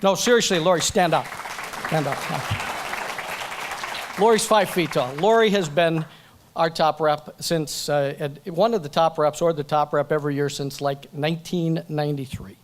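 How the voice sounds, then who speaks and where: A man's voice: a little high, moderate pace, a faint crowd, a little hiss or hum. A man giving a joking, chatty acceptance speech at a banquet event, talking into a microphone and going off script. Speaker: award recipient.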